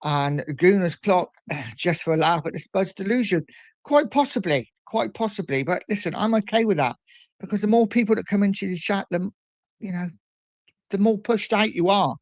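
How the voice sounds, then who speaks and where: A man hosting a casual livestream, chatting and reading out viewer comments in a relaxed, rambling way. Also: high voice, moderate pace, no room sound. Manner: relaxed and chatty, lots of fillers and repeats. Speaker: livestream host. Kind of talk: casual live-stream chat reading comments.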